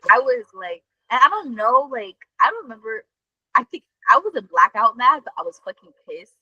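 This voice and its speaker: Woman podcast host chatting, bright voice, dry close sound, lots of likes and swearing. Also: fairly high pitch, moderate pace, no echo, highs cut off. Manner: animated, swears a lot, many fillers. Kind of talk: casual chat, storytelling.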